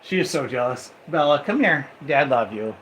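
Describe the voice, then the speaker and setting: A man's voice: mid-range voice, expressive, normal speed, a bit bright, a little hiss or hum, rough recording. A man hosting a casual live stream from home on a handheld phone, chatting straight to viewers and reading their comments aloud. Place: at home indoors. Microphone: phone held in hand.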